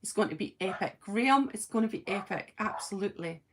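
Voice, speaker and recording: A woman's voice: medium pitch, animated, brisk. A Scottish woman chatting casually on a live stream from her home, answering viewers' comments by name and thinking aloud. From Scotland.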